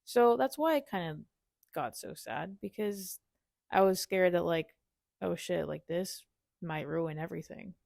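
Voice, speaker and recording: A woman's voice: on the low side, unhurried, vocal fry, darkish tone, dry recording, studio quality. A young woman co-hosting a podcast, talking frankly and reflectively in casual chat. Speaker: podcast co-host.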